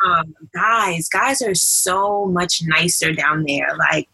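A woman's voice: lowish voice, takes it slowly, vocal fry, pushed and bright, husky, poor audio. A woman in her twenties from New York, with a light New York accent, chatting as a podcast guest and telling her stories with many fillers. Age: 20s. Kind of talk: casual chat.

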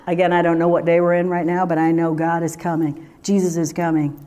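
A woman's voice: lowish voice, little pitch movement, fairly quick, dark tone. Woman preaching a conversational sermon. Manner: conversational, emphatic, with rhetorical questions.

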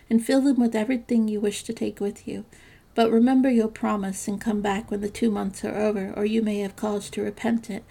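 A woman reading a doleful, gentle beast. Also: medium pitch, creaky. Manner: pleading, doleful. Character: sorrowful gentle male beast, devoted.

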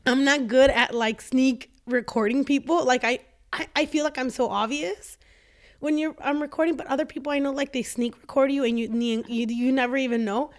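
A woman with a very high voice chats casually on a podcast, reacting to her friend's story and telling her own. She is talkative and laughs easily. Close studio mic. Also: steady tone, fairly quick. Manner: chatty, reactive, laughs often. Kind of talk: casual chat. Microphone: studio microphone.

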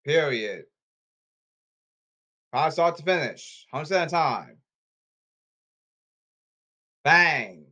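A man with a somewhat high voice rants on his podcast. He scolds his listeners and repeats himself in an agitated way. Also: animated, takes it slowly, long pauses, pushed and bright. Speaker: podcast host. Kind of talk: ranting podcast monologue.

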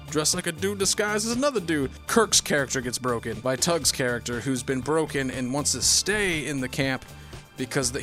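A man's voice: mid-range voice, a bit bright. A man casually recapping a movie plot, rambling and swearing a lot, now and then acting out lines in silly voices.

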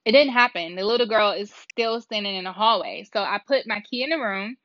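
A woman with a medium-pitched voice talks fairly quickly, casually telling her viewers a story as a vlogger. She is animated and rambling and acts out the dialogue, on a dull lo-fi recording with no room sound.

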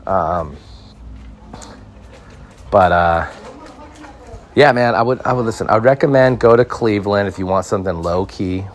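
A man's voice: on the low side, brisk. A young man hosting a solo podcast from a backyard outdoors, talking into a phone in a rambling, laid-back way and filling his speech with "like" and "right?". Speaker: podcast host. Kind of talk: casual solo podcast chat.

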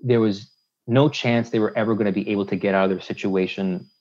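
A man from Canada, a lawyer guest on a podcast, building long measured points with analogies and restarts. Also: lowish voice, fairly even intonation, a little mellow. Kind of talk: casual conversational interview. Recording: dull lo-fi sound.

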